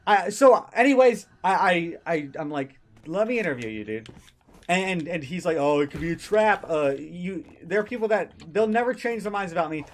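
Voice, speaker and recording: A male streamer gives angry, profane ranting commentary, stumbling over his words and restarting as he gets heated. His high-sitting voice is expressive and moves at normal speed.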